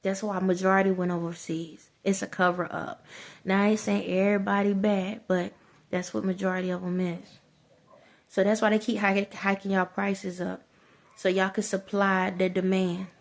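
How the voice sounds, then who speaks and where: A woman's voice: mid-range voice, little pitch movement, moderate pace. A woman vlogger in casual, rambling commentary who repeats herself, talks straight to her viewers and breaks into frequent laughter. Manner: colloquial, addresses viewers as y'all.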